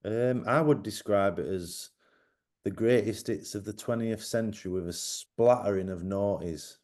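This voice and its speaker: A man on a radio interview, explaining his club night in a relaxed way. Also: lowish voice, unhurried. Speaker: guest, event organiser.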